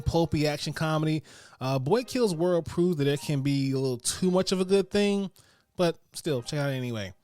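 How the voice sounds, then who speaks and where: A man hosting his own podcast, giving quick hyped reviews in a slangy style that speaks straight to his listeners. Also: fairly high pitch, a little mellow. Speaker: podcast host. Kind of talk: casual podcast chat and rapid review rundown.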